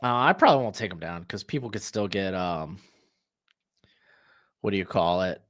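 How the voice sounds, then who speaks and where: A man's voice: low voice, lively intonation, normal speed, a bit bright. A young man, chatting casually and jokily as he hosts a football watch-along stream, reading chat and reacting to plays. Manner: rambling, jokey, talks to chat and his dog.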